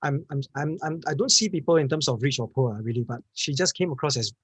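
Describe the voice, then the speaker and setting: A man's voice: a little high, fast, a bit bright, slightly rough, dry recording. A man, a panel speaker giving an earnest, emphatic storytelling answer and often restarting his words.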